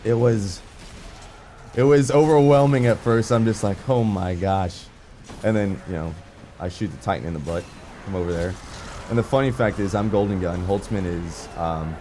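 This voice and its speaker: A young man giving casual, rambling commentary over his gameplay footage, full of fillers and excited asides. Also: low-pitched, slight background noise. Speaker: gaming video creator.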